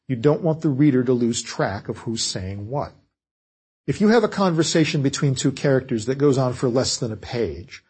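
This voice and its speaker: A man lectures on fiction writing in a measured, explanatory way. His voice has a husky, slightly breathy edge, and his pitch sits in an ordinary middle range for a man. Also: a little mellow. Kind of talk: scripted lecture.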